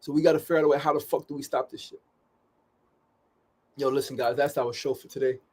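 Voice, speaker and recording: A man's voice: mid-range voice, fairly even intonation, fast, darkish tone, husky. A man hosting a daily live show, talking in an urgent, pleading way to his viewers, swearing often and repeating phrases for emphasis. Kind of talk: impassioned livestream monologue. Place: studio.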